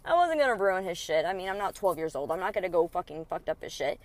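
A woman's voice: on the low side, sing-song, quick pace, no room sound. A young woman hosting a podcast, heatedly retelling a feud in casual, profane storytelling with lots of quoted back-and-forth. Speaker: podcast host.

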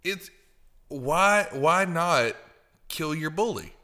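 Guy cohosting a podcast, super bright sharp voice, jumpy pitch, swears constantly, edgy jokes. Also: lively intonation, takes it slowly. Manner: crude, provocative dark humor, heavy swearing. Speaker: podcast co-host. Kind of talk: casual chat.

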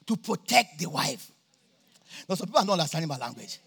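A man preaching a sermon at a church campmeeting, jovial and laughing often, now and then bursting into shouts. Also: sits high, sing-song, a little fast, vocal fry, slightly rough. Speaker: pastor.

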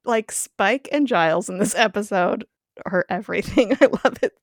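A woman's voice: mid-range voice, no echo, clean studio sound. A woman guest on a podcast, casually recapping an episode and laughing often. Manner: giggly, quick to laugh.

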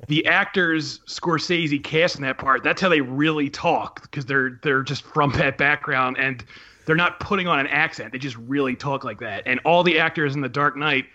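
A man's voice: a little high, moderate pace, sharp tone, dull audio. A man talking casually and hesitantly as a podcast co-host, with frequent ums and restarts. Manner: chatty, hesitant with many ums. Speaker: podcast co-host, film writer. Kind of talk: casual chat.

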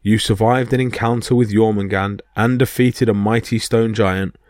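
A man's voice: lowish voice, fairly even intonation, normal speed, darkish tone, no echo, studio quality, lightly acted. A man voicing a loyal, friendly male warrior god who praises his companion. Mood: cheerful.

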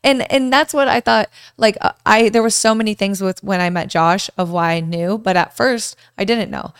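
A woman's voice: mid-range voice, normal speed, clear, resonant tone, no room sound, studio quality. A young woman in her twenties co-hosting a couple's podcast, chatting casually and animatedly, telling stories with lots of "like". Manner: animated, storytelling with many "like"s. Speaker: podcast co-host.

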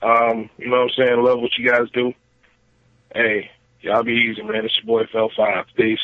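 A man leaving a voicemail for a podcast, slangy and excitable, laughing often. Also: mid-range voice, normal speed, dry recording. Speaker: caller. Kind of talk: voicemail message. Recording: dry, muffled voicemail recording.

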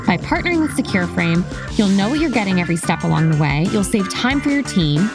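A woman delivering a polished sponsor read with a lively, rising and falling pitch. Clear music plays under her voice throughout. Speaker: ad reader. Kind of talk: scripted ad read.

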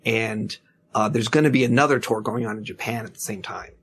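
A man's voice: on the low side, fairly quick, fairly bright tone, husky. A man hosting a podcast in casual chat, his voice grainy as it recovers, rambling with many fillers. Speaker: podcast host.

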